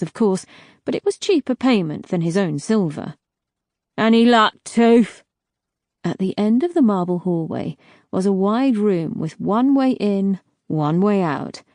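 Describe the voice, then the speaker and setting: A woman reading a dark fantasy audiobook in a slow, measured narration. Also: mid-range voice, dry recording, studio quality.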